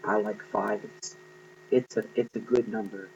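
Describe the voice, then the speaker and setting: A man giving an earnest, encouraging tarot reading to viewers, pausing often with ums. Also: lowish voice, fairly even intonation, vocal fry, lo-fi sound, a little hiss or hum. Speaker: tarot card reader.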